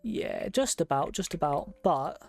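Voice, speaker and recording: Gravelly chatty game streamer. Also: mid-range voice, animated, a little slow, no room sound, faint music behind. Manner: chatty, thinking aloud while decorating. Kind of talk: casual gameplay commentary.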